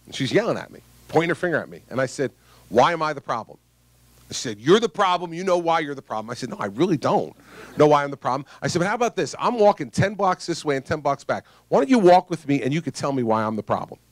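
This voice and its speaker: A man's voice: on the high side, very animated, fast, dry recording. A man, a politician, giving a campaign stump speech to voters in a conversational, emphatic storytelling manner.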